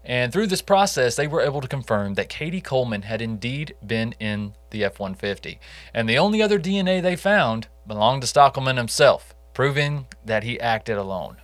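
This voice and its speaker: A man's voice: medium pitch, animated, moderate pace, a bit bright, no room sound. Dry-sounding man recounting a true crime case. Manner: storytelling, conversational, jokey asides. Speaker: podcast co-host. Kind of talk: casual true crime podcast chat.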